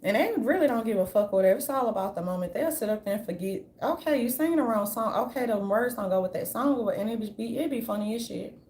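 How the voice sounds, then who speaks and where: A woman giving an unscripted commentary rant, brash and profane, with a sassy, animated delivery. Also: fairly high pitch, quick pace, few pauses, slight background noise. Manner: brash, profane, sassy, repeatedly says "darling"; animated, jumps into mocking voices. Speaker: commentary vlogger.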